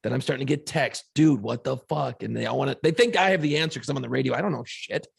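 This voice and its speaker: A man's voice: medium pitch, fast, gravelly, slightly rough, dry recording, clean studio sound. A middle-aged man co-hosting a podcast, telling an emotional story with plenty of swearing and quoted reactions. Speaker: podcast co-host and radio host. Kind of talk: casual podcast chat.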